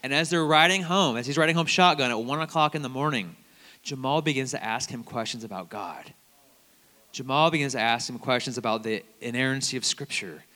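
A man preaching a conversational sermon as a campus minister, telling stories in an animated way and quoting other people's words. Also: mid-range voice, brisk. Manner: conversational, animated storytelling with quoted voices. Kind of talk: sermon with storytelling. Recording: long hall reverb.

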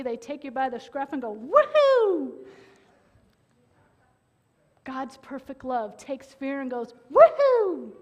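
A woman with a high voice preaching a sermon. She talks earnestly and holds dramatic pauses, then breaks into sudden loud bursts.

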